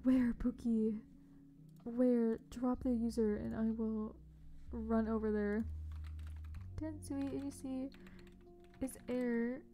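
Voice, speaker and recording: A young woman streaming a game, chatting casually and bubbly with her viewers, often dropping to a soft whisper. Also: fairly high pitch, steady tone, takes it slowly. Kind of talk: casual livestream chat. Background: faint background music.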